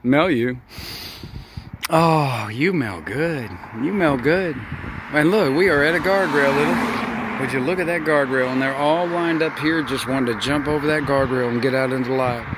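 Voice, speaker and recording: A man's voice: mid-range voice, normal speed, noisy background. An older man acting as a grandfather, chatting in a folksy, affectionate way and laughing often as he tells a bedtime story.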